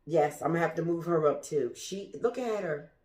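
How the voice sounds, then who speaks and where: In an echoey room among her houseplants, a plant vlogger with a low, darkish voice speaks at a moderate pace. She gives viewers a chatty, gushing show-and-tell straight to the camera, now and then dropping to a whisper.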